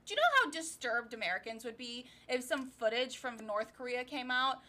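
A young woman co-hosting a casual comedy podcast, recapping scenes in an animated, sarcastic way. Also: sits high, normal speed. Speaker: podcast co-host. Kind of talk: casual comedic rewatch chat.

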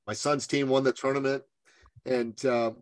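A man in an interview telling a story in an animated way, voicing the people he quotes. His sound is close and dry, with no room around it. His pitch stays middling as he talks. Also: normal speed, no room sound. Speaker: business coach guest.

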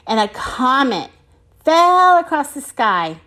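A woman reading a children's storybook aloud in a high, lively voice. She takes it slowly and expressively, with wide swings in tone. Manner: expressive and slow. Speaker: storybook reader.

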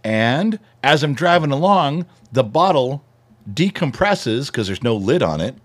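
A middle-aged man co-hosting a casual talk show, telling stories in an animated way and swearing freely. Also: medium pitch, unhurried. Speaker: podcast co-host. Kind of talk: casual chat.

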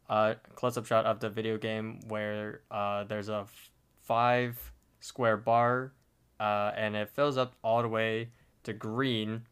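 Smooth-voiced male podcast co-host. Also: on the low side, fairly bright tone. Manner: detailed narration with fillers. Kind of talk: casual episode recap.

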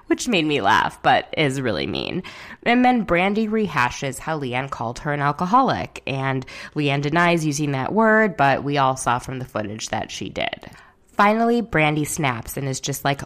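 A woman's voice: low voice, sing-song, a little slow. A woman giving a casual, candid recap of a reality show episode, opinionated, with dry jokes and the odd swear word.

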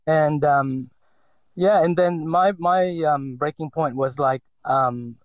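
Speaking with a slight Filipino accent, a man in his forties from the Philippines reflects on his story in an interview, stumbling through fillers and restarts. His voice is a little high and slow, and the poor audio has no echo.

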